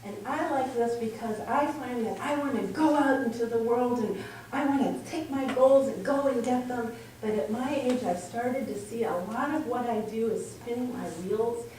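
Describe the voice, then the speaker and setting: A woman's voice: on the high side, normal speed, darkish tone. A middle-aged woman giving a personal spiritual talk, telling stories and acting out dialogue. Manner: storytelling, acts out dialogue. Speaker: spiritual speaker. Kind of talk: sermon-style personal talk. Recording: echoey room from far off, faint noise.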